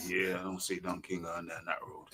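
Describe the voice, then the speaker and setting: A man hosting a live online boxing talk show, animated and thinking aloud as he searches. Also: low voice, brisk. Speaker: host.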